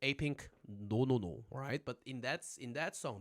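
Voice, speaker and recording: A young man teaching a casual livestream language lesson, chatty and animated, always checking in with his viewers. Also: mid-range voice, moderate pace, hardly any pauses.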